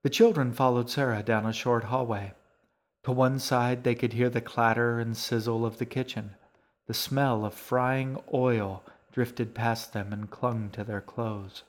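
Slow, calm male audiobook narrator. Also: medium pitch. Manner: calm, measured storytelling.

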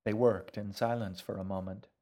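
A man narrating an audiobook in a measured, even storytelling manner. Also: lowish voice.

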